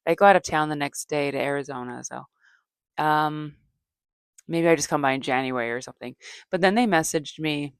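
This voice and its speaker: A middle-aged woman with a low voice, chatting on her own in a meandering way and filling her pauses with ums and side comments. The sound is close and dry, with no room echo. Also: clean tone. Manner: meandering, chatty, many fillers and asides. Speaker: comedian and podcast host. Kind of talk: rambling solo comedy chat.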